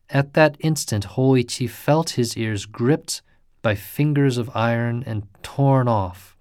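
Slow, deliberate male storyteller. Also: mid-range voice, a little mellow, no room sound, clean studio sound. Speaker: narrator. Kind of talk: scripted narration of a ghost tale.

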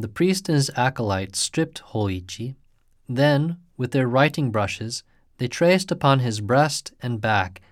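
A man giving a measured, deliberate scripted narration of a ghost tale. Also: mid-range voice, dry recording, studio quality.

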